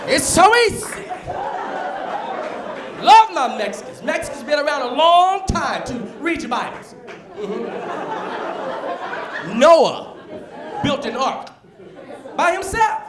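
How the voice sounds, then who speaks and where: A man from the United States performing a stand-up comedy set on a club stage with punchy, animated delivery. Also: very high-pitched, takes it slowly, long pauses. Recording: live club set with audience laughter. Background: crowd laughter and room noise.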